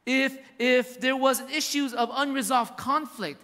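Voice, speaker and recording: A man's voice: very high voice, fairly even intonation, measured pace, sharp tone, long reverb tail. A man preaching a sermon as pastor, emphatic and repetitive, addressing his church directly.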